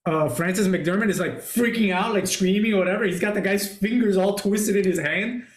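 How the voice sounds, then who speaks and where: Excitable swearing man in a roomy room. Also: high voice, fairly quick. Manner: swears a lot, retells scenes excitedly. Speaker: podcast host. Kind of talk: casual movie review chat. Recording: roomy echo.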